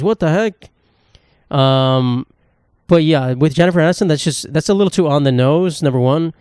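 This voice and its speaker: A man's voice: on the high side, darkish tone, no room sound, clean studio sound. A young man hosting a solo comedy podcast, rambling and sarcastic, swearing freely. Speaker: podcast host.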